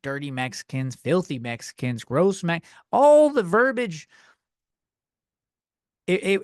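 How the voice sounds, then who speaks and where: Male podcast host for a comedy rant: exasperated and profane, somewhat high voice, dry studio mic. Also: dry recording. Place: video podcast recording. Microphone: studio microphone.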